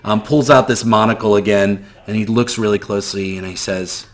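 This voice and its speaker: A man's voice: lowish voice, steady tone, fairly quick. Rambling male game master. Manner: loose, filler-heavy narration. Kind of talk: narrating a tabletop game.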